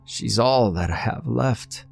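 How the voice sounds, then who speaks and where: A man's voice: deep voice, expressive, slow pace, soft background music, heavily acted. A man voicing a frail elderly man who pleads desperately through tears.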